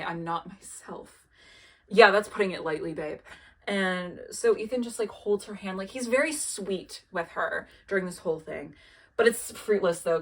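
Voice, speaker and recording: A young woman with a mid-range, fairly bright voice casually recaps a TV show as a video essayist. She's chatty and profane, leaning on lots of "like" and "um" and quoting characters offhandedly.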